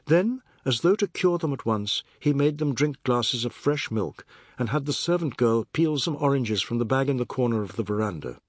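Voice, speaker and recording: Man, audiobook narration, husky voice, lively intonation, dry studio sound. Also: mid-range voice, moderate pace, dry recording.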